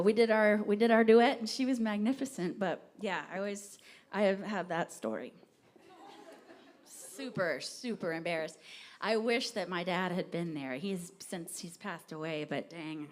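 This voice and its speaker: A woman singer from Texas chatting with a live audience between songs, rambling and self-deprecating as she tells a story. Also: mid-range voice. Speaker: singer-songwriter performing live. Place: live music venue with audience.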